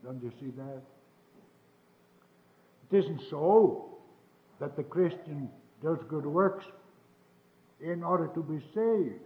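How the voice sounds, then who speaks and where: High-voiced preacher on a tinny old tape. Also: male voice, animated, slow pace, long pauses, echoey room. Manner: emphatic, repeats phrases, rising to fervent peaks. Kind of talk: sermon.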